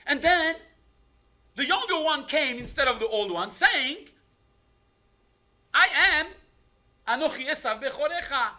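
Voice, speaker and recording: Young wife, sharp-tongued and mocking in her comeback; bright, high delivery, voiced by a man. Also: slow pace, long pauses, heavily acted. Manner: pointed, mocking retort.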